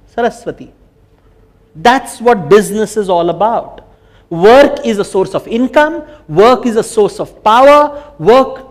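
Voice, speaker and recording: High-voiced Indian man giving a conference talk. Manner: animated storytelling, mixing Hindi phrases. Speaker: speaker. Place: conference hall.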